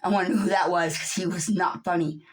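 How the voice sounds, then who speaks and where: A woman venting on her own channel in a profane rant, swinging between low muttering and yelling, openly upset. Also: fairly even intonation, fast, low-quality recording. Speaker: vlogger. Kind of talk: angry venting monologue.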